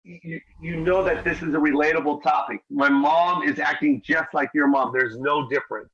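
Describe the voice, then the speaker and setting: A middle-aged man talks earnestly in an interview, his voice sitting a little high. He keeps checking in with the listener as he makes his point. The recording sounds muffled and lo-fi. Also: steady tone, moderate pace, a bit bright. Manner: earnest, repeats "you know what I mean". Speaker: guest comedian and actor. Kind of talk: interview conversation.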